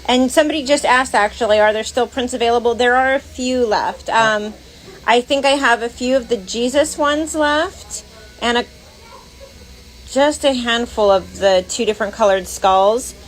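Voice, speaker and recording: A woman's voice: fairly high pitch, normal speed, rough recording. Woman livestream co-host, casual and blunt, reads comments aloud, some swearing.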